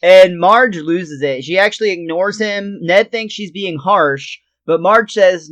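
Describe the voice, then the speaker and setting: A man's voice: high-pitched, a little slow, hardly any pauses, a bit bright. A man co-hosting a podcast, retelling a cartoon episode scene by scene in casual chat and laughing often. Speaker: podcast co-host.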